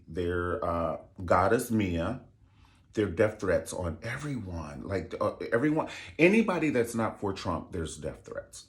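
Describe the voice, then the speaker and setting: A young man vlogging casual commentary in a sassy, expressive way, swearing freely. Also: fairly low pitch.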